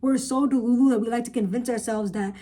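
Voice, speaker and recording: A woman's voice: on the high side, fast, dark tone. Blunt young woman ranting into her phone. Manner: blunt, emphatic, profane advice to viewers. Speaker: vlogger. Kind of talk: casual podcast-style rant. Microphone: phone camera.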